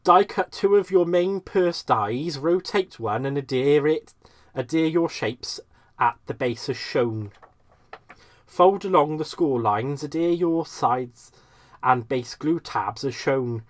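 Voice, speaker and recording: A man doing a broad Welsh accent as a craft tutorial presenter, reading the instructions step by step in a measured way. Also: a little high, animated, no room sound. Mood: instructive.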